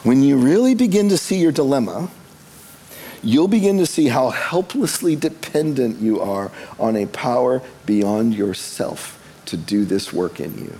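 A pastor preaching conversationally. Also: male voice, medium pitch, very animated, a little slow, mellow, breathy edge. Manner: conversational, with humorous asides. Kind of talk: sermon.

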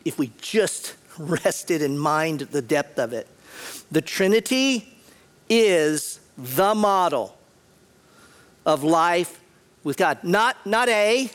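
High-voiced man preaching a sermon. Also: a bit bright. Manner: earnest, repeats words, clears throat often. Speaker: pastor.

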